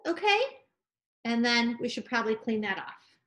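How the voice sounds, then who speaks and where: A woman art teacher gently talking children through a painting demonstration, encouraging and sing-song. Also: a little high, level tone, fairly quick.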